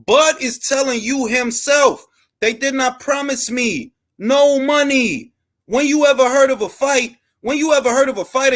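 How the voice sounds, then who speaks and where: A man's voice: very high-pitched, fairly bright tone. A man hosting a boxing talk stream, giving heated, profane, emphatic commentary with lots of repetition. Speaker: boxing content creator and host.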